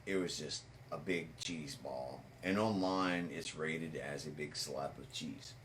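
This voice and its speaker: Blunt, opinionated male podcast co-host with a very low voice; light hiss behind. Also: a little slow, fairly bright tone. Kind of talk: casual movie review chat.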